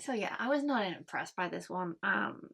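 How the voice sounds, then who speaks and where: A woman's voice: medium pitch, lively intonation, normal speed, gravelly, a bit bright, slightly rough. A woman gives a casual spoken book review, chatty and rambling with many ums and frank grumbles.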